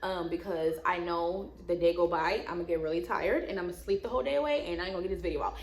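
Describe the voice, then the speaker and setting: A woman's voice: fairly low pitch, fast, echoey room. A young woman vlogger chatting casually and slangily to her viewers, laughing often. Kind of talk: casual vlog chat.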